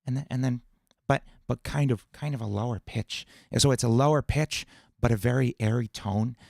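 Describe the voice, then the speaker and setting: A man of middle pitch talks loosely through a livestream Q&A on singing. He explains in a relaxed way, full of "um" and "uh". The sound is close and dry. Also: normal speed, vocal fry, no room sound. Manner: relaxed explaining, many fillers, breaks into sung and put-on voice demos. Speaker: music producer and livestream host.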